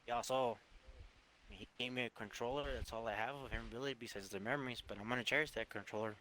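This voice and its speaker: A man reminiscing in a loose, rambling way, swearing casually and pausing on fillers. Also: medium pitch, fairly even intonation, pushed and bright, slight background noise. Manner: rambling, profane, halting with fillers. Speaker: co-host of a gaming channel. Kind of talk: casual memorial chat.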